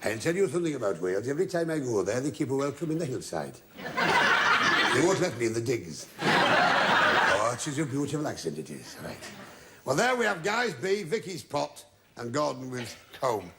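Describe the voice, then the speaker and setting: A man's voice: medium pitch, sing-song, vocal fry. Wisecracking man hosting a game show. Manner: wisecracking, with drawn-out asides to the audience. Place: TV studio with a live audience. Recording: loud studio audience and noise from an old TV broadcast.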